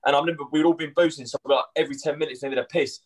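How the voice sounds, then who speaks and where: A man telling crude, animated football stories in casual podcast chat. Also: fairly high pitch, rough recording. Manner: fast, animated, crude storytelling. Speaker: podcast guest.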